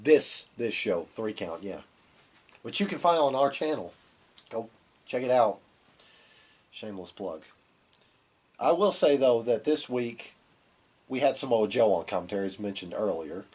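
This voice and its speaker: A man's voice: fairly low pitch, lively intonation, unhurried, pauses often, darkish tone, breathy edge. A man co-hosting a podcast, giving a loose, rambling recap of a wrestling show while getting over a cold. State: has a cold, coughing. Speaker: podcast co-host.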